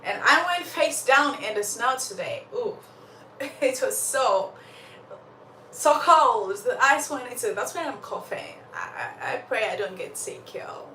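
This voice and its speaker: A young Ugandan woman, slightly under the weather with a small cough, chats casually and laughs often with viewers on her livestream. Her voice is a little high, sing-song and sharp, and she speaks a little slowly. Recorded away from the mic, the audio sounds roomy with faint background noise.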